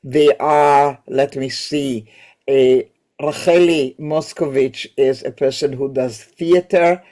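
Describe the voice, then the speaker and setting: A woman's voice: rumbling low, fairly even intonation, slow pace, dark tone. A woman teacher with a cold, lecturing on poetry in a thoughtful, digressive way that corrects itself as she goes. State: has a cold, coughing.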